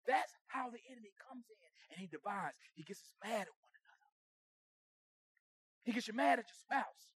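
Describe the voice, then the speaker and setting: High-voiced pastor preaching with loud bursts. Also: male voice, animated, normal speed, pauses often, slightly rough, no room sound, clean studio sound. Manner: conversational preaching with sudden loud bursts and dropped asides. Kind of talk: sermon. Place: church sanctuary.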